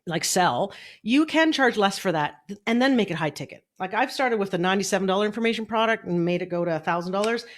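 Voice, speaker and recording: A middle-aged woman runs a casual Facebook Live training on online business from home, chatty and upbeat as she fiddles with her setup. Her medium-pitched voice is animated and fast, picked up by a desk mic she moves around during the stream.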